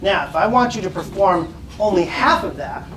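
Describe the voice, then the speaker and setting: A man's voice: sits high, animated, moderate pace, a bit bright, a little hiss or hum. A man teaching a children's music class, patiently guiding them and chanting rhythms for them to repeat. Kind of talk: classroom lesson with call and response. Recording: echoey classroom from far off.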